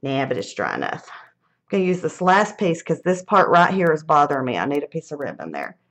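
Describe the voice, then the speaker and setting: A woman's voice: low voice, sing-song, brisk. A middle-aged woman, chatting casually through a live craft demonstration, thinking aloud and laughing at her own mishaps.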